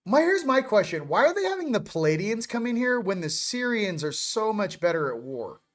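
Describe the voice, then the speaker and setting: Man, high-pitched voice, casual morning chat host, playful, rambling, cuts himself off. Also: sing-song, moderate pace. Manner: joking, rambling, self-interrupting.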